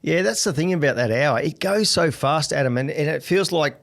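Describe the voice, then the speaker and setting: A man co-hosting a podcast, chiming in with quick, enthusiastic remarks. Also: a little high, expressive, gravelly. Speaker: podcast co-host. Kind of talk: casual interview chat.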